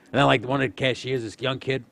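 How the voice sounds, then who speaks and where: Fast-talking man telling a rowdy story. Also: mid-range voice, gravelly. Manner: swearing, animated storyteller acting out dialogue. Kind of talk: casual storytelling chat.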